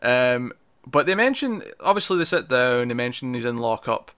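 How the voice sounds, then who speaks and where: A man's voice: medium pitch, sing-song, moderate pace, a bit bright, clear, resonant tone. A man co-hosting a casual TV review discussion, chatty, with many fillers and restarts. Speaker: podcast co-host.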